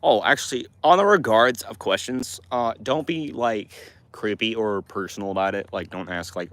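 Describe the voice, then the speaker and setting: Teen male streamer, low-ish voice, loose and rambling while reading chat. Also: normal speed, hardly any pauses, a bit bright, dry recording. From Montana, US. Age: teens. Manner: rambling, with restarts and fillers. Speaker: livestream host answering chat. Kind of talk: casual livestream chat.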